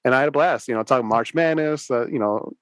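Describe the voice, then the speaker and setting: A man's voice: mid-range voice, fast, dry recording. A young man hosting a podcast in casual chat, rambling with many fillers and restarts. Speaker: podcast host.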